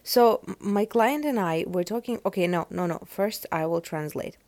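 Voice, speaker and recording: A woman's voice: mid-range voice, normal speed, darkish tone, dry recording. A woman with a Russian accent, a native Russian speaker, hosting a casual solo podcast. She rambles and searches aloud for words. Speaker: podcast host.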